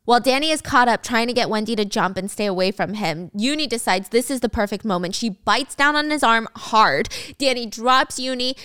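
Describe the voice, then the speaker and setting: A young woman recaps a dramatic story in a chatty, wry way. Her voice is a bit high, smooth and crisp. It sounds close and dry. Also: normal speed, few pauses, sharp tone, dry recording.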